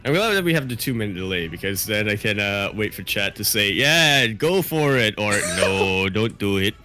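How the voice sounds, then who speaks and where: A man calls a live strategy game match over faint background music. His voice is bright and forceful, and his pitch swings widely as he jokes and reacts to the play. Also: normal speed. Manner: excitable, jokey banter. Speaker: esports caster.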